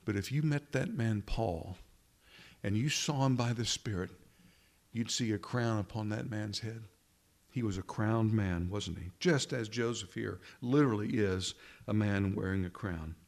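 A man's voice: lowish voice, measured pace, a little mellow. A man preaching a sermon in an earnest way, asking rhetorical questions and repeating phrases for emphasis.

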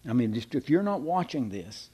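A man's voice: medium pitch, big pitch swings, normal speed, darkish tone, breathy edge. A man preaching a sermon in a folksy, conversational way, often repeating and restarting his words.

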